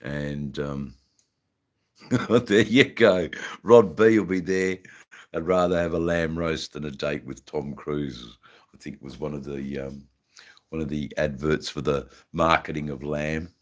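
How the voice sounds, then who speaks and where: A man's voice: rumbling low, a little slow. An Australian man hosting a casual live stream, rambling with lots of fillers and slang while smoking. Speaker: livestream host.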